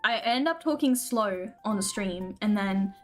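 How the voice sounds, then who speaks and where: A woman's voice: medium pitch, animated, soft background music. A young Australian woman streaming a game, chatting casually with her viewers, giggling often and restarting her sentences. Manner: chatty, giggly, with frequent restarts; says she talks fast on stream. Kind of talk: casual chat with stream viewers during gameplay.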